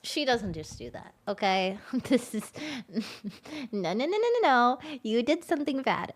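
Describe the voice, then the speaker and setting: A woman streamer chatting casually with her viewers. She is excitable, swears often and shrieks when she thanks people for gifts. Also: a little high, measured pace. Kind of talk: casual livestream chat.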